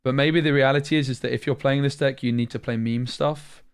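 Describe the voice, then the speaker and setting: With a clean tone, brisk delivery and fairly even intonation at medium pitch, a young British man provides live-stream commentary on a card game. He's chatty, thinking aloud, and tired after a long session.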